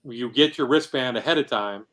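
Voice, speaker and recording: A man's voice: mid-range voice, fairly bright tone. A man, a guest organizer of an event, talking casually and thankfully with the hosts. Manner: eager, thankful, quick talker. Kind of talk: casual chat.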